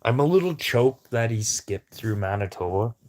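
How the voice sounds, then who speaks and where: A man's voice: medium pitch, lively intonation, normal speed. A man livestreaming a casual, rambling chat with viewers over a phone, talking in a blunt, profane way.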